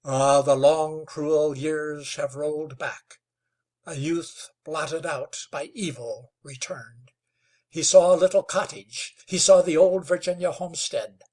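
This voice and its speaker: A man narrating a western novel in a slow, dramatic storytelling manner. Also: a little high, a little mellow. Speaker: audiobook narrator. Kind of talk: scripted narration.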